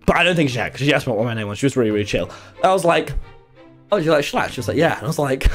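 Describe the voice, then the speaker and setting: A young man telling a rambling, excitable story in a casual stream chat, full of fillers and sudden yelps. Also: mid-range voice, fast talker, pauses often, faint music behind. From England.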